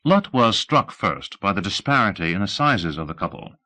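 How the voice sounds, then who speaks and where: A man's voice: very animated, normal speed, sharp tone. A man narrating an audiobook of a science-fiction novel, shifting his voice for the characters; an old cassette recording. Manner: changes pitch for characters. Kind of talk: reading a novel aloud.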